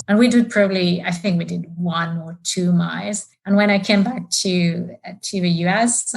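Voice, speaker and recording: A woman's voice: lowish voice, rough recording. A woman from France with a French accent, a guest on a podcast, talking in a casual, chatty way with many fillers. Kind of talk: podcast interview.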